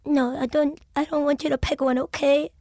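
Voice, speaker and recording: Shrill, high bossy woman played by a man, curt refusals. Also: little pitch movement, fairly quick, darkish tone, dry recording, studio quality. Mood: refusing.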